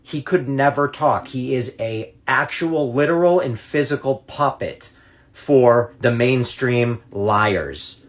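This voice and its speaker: A man's voice: medium pitch, expressive, takes it slowly. Indignant, sarcastic man ranting to camera. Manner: indignant, sarcastic, repeats challenges. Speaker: social media creator.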